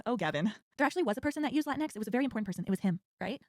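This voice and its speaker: A woman's voice: fairly high pitch, expressive, darkish tone, no echo, studio quality. A woman doing sassy comedic political commentary, talking straight to viewers. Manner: sassy, rapid, talks to viewers.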